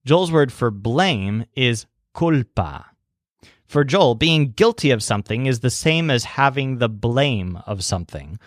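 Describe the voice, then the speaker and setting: A man teaching a language lesson in scripted narration, slowing down to spell out foreign words and their stresses. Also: mid-range voice, animated, dry recording, studio quality.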